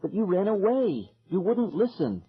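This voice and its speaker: A man puts on a frightened young girl who speaks breathlessly and higher than his own voice, with a raspy edge. The audio is dull and lo-fi, like an older audiobook recording. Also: sing-song, moderate pace, full character voice. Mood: worried. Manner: breathless, worried. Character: frightened girl warning of danger.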